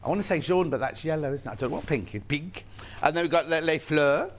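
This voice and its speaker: A man's voice: on the high side, expressive, quick pace. A man presenting a live shopping channel show, chatty and playful, reading out viewers' messages. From United Kingdom.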